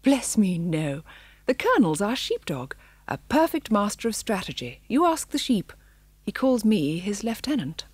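A woman voicing a brisk, friendly female tabby cat who talks in a chatty, homely way in an audiobook. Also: mid-range voice, big pitch swings, darkish tone, breathy edge, dry recording.

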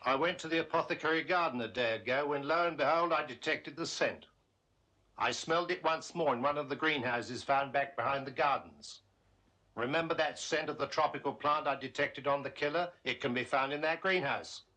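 A man's voice: a little high, fairly quick, bright, forceful tone. An actor playing a man eagerly giving the inspector a tip. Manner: eager, urgent.

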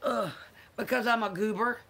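A woman's voice: on the high side, normal speed, gravelly, fairly bright tone, breathy edge. A Southern woman chatting casually on her livestream, greeting viewers by name and cooing to her dogs; she says she is a little tired. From American South. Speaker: livestream host.

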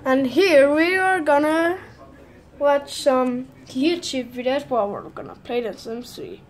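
A woman's voice: high-pitched, expressive, a little slow. A woman using a put-on Irish accent, giving rambling, hesitant gameplay commentary full of fillers. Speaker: gamer.

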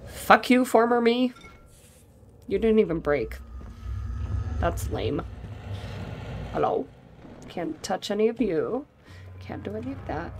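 A woman's voice: on the low side, slight background noise. A young woman giving sarcastic let's-play commentary, talking to herself as she plays and swearing freely. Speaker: gaming streamer.

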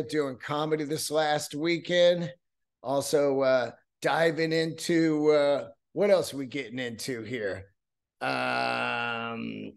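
Male podcast host, slightly high voice, profane and rambling, solo studio-mic monologue. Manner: loose, profane, rambling with asides.

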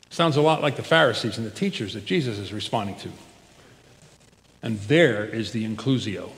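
A male pastor preaches in an expressive style, swelling loud on key words and dropping soft at the ends of phrases. His voice sits slightly high and carries a long reverb from the church hall. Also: brisk. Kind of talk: sermon. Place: church sanctuary.

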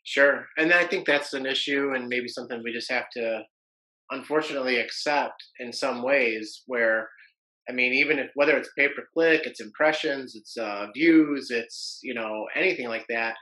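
Bright-voiced man musing as podcast host. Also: medium pitch, moderate pace, poor audio. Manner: conversational, musing aloud. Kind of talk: casual interview.

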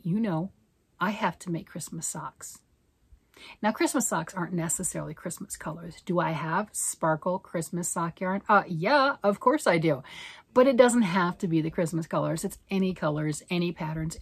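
Woman, middle-aged, husky, dry close mic, casual crafting vlog, rambling, self-mocking. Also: on the low side, no room sound. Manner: rambling, self-mocking, asks rhetorical questions. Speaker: knitting and crochet channel host.

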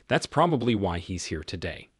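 A man voicing a cold, stern husband confronting his cheating wife, in a measured tone. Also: low-pitched, big pitch swings, husky, dry recording, clean studio sound, full character voice. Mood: accusing.

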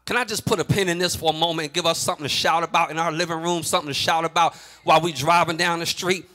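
A middle-aged male pastor preaching a sermon in a call-and-response style that builds to shouts. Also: fairly high pitch, fairly even intonation, fast talker.

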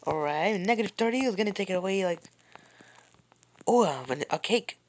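A woman's voice: mid-range voice, expressive, normal speed, noisy background. A woman giving live commentary while playing a game, rambling and jumpy, with many fillers and repeated words. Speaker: gamer.

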